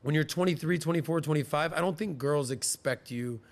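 Man host, thirties, lively anecdote teller, slightly higher voice, casual podcast chat. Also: a little fast. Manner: animated, acts out quoted people in higher voices.

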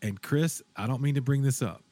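A man hosting a casual podcast chat, talking in an animated, rambling way with lots of fillers and restarts. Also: medium pitch, brisk, no room sound. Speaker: podcast host.

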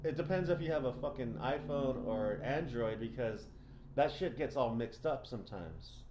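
A young man chats and vents with loose, profane energy, jumping into acted-out quotes. His voice sits at an ordinary pitch. The room around him rings noticeably, like a house recording. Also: normal speed, reverberant, background noise. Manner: swears a lot, rants with animated quoting. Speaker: podcast co-host. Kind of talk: casual profane chat.

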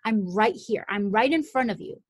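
A woman's voice: fairly high pitch, normal speed, no room sound, natural voice. A woman voicing God as a blunt, loving male voice, speaking directly and insistently in casual language.

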